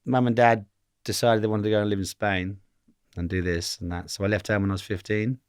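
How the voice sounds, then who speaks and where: A man's voice: on the low side, steady tone, fairly quick, clear, resonant tone, dry recording, clean studio sound. A man in his fifties from England, telling stories as a guest in a casual interview, rambling and acting out the voices of the people he quotes. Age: 50s.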